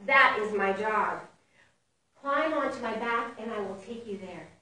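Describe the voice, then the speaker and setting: Lady doing a storybook wolf, laughing and high, kind of unhinged then wise, slow, echoey hall far away. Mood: calm solemn. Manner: cackling, repeating himself, later calm and solemn. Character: gray male wolf, first crazed then wise.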